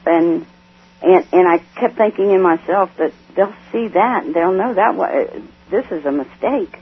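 A middle-aged woman giving a tearful personal testimony, speaking haltingly with many restarts and repeated words. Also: on the low side, husky. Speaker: guest. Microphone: telephone. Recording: tinny phone line.

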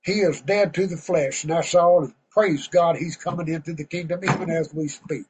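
Husky preacher man. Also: fairly high pitch, fairly even intonation, moderate pace, low-quality recording. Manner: impassioned, folksy, shouting praise. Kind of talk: fervent sermon to an online group.

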